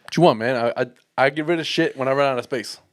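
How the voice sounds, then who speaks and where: A man's voice: medium pitch, fast talker, dry recording, clean studio sound. A man co-hosting a podcast in casual chat, easygoing and ribbing his friends. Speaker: podcast co-host.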